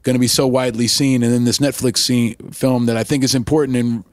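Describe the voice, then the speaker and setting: A man's voice: mid-range voice, level tone, quick pace, no room sound. A man hosting an interview, asking long, rambling, effusive questions. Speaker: podcast host.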